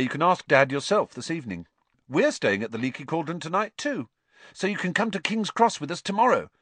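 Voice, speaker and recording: A man voicing an eager, excitable teenage boy who talks in a breathless rush. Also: medium pitch, dry recording, pitched above the performer's own voice.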